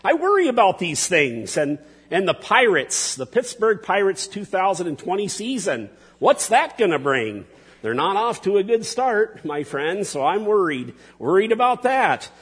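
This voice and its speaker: Halting pastor preaching in a reverberant hall. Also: male voice, sits high, very animated, a bit bright, husky. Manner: halting, restarts often, folksy asides to the congregation. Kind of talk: sermon.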